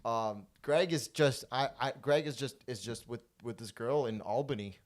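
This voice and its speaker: A man from Canada hosts a comedy podcast, spinning a long, crude anecdote in loose conversation. He swears freely, trips over his own words and circles back. His pitch sits in the ordinary middle range for a man. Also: moderate pace. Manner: profane, rambling anecdotes with restarts. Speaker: podcast host. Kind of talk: casual storytelling chat.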